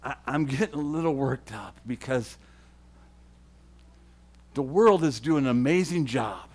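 A man preaching a sermon to the camera, with emphatic, repeated phrases that swing between loud declarations and hushed, low lines. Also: expressive, unhurried. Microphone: camera mic.

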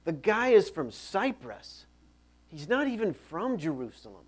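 A man's voice: on the high side, expressive, moderate pace, natural voice. A man putting on a jealous, whiny church member. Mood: resentful. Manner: whiny, resentful, self-pitying. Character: jealous grumbling male church member Ananias.

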